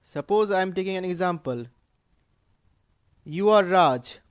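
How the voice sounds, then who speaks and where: A man talks through a language lesson at an unhurried, deliberate pace. He is patient and explanatory, saying each phrase and then translating it. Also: sits high, expressive, clean tone. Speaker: German teacher.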